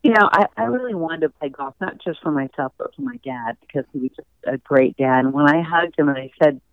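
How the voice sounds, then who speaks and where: A chatty woman recounting her past in an easygoing interview voice. Her voice is smooth and clear despite the thin, phone-like line. The sound is dry and close, with no room around it. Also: low-pitched, a little fast, no echo. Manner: chatty, warm storyteller, laughs easily. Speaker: interview guest, former golf champion. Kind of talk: conversational interview storytelling.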